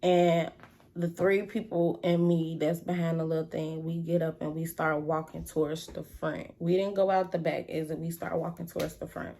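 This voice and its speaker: A woman vlogger telling a story in a casual, animated, slangy and profane way. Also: deep voice, normal speed, gravelly, slight background noise.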